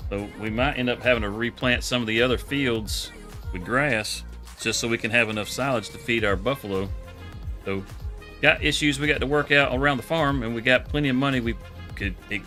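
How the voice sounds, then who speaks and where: Male streamer, casual rambling host, sharp bright tone, faint music behind. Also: medium pitch. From Texas. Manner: relaxed, rambling, laughs often. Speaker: livestream host. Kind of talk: casual live-stream chat.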